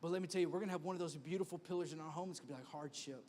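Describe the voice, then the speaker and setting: A man in his thirties, a pastor preaching an animated sermon with punchy repeated refrains. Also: on the high side, rapid-fire, a little hiss or hum. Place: church sanctuary. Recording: long reverb of a church hall.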